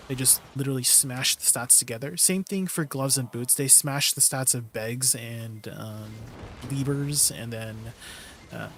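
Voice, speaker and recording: A man's voice: medium pitch, fairly bright tone, a little hiss or hum. A man casually chatting on a game stream, explaining gear and greeting viewers from chat.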